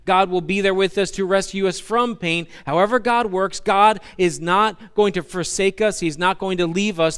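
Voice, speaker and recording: Brief: male pastor, animated storytelling sermon, smooth resonant voice. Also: high voice. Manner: animated storytelling with humorous asides.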